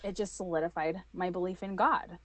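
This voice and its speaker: A woman, telling her own story as an interview guest, animated and full of fillers. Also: lowish voice, brisk, no echo. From United States. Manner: animated, acts out quoted voices, many fillers.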